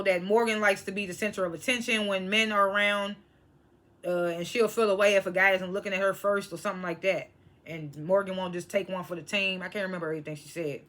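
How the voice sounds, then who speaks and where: In a mid-range voice, a woman casually recaps a reality TV episode, blunt and animated. She swears freely and laughs between points.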